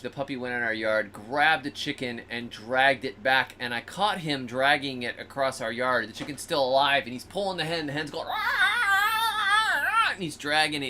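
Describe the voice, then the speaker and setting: In a mid-range voice with a faint hiss or hum on the recording, a male host tells casual stories with lots of energy. He performs the animals and people in silly voices as he goes.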